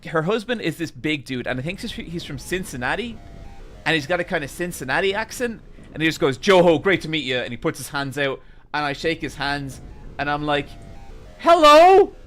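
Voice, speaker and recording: A man streamer telling a long anecdote to his chat, animated and casually swearing as he rambles. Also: on the high side, brisk, faint music behind.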